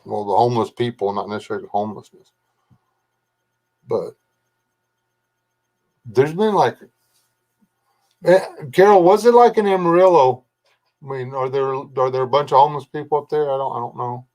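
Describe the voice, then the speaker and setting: An older man with a drawl hosts a laid-back livestream and rambles in a folksy way. He greets viewers by name and wanders between thoughts. His voice sits at an ordinary middle pitch. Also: fairly quick, pauses often, darkish tone. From Texas. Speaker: livestream host. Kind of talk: casual live chat reading comments.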